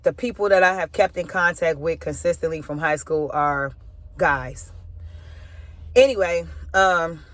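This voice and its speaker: A woman's voice: low-pitched, dry recording. Woman, spoken word minister, candid personal storytelling, casual fillers, close dry sound. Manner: casual, loose, lots of "or whatever" fillers; candid, emotional retelling.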